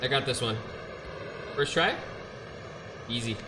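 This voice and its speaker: A young man streaming a game live, excitable and trash-talking, shouting when he gets frustrated, on a gaming headset. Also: mid-range voice, a little slow, echoey room, heavy background noise.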